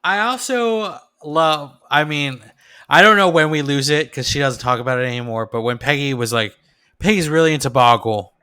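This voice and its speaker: A man's voice: on the high side, normal speed, pushed and bright, smooth. A man co-hosting a podcast, chatting casually in a laid-back way. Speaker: podcast co-host. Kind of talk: casual chat.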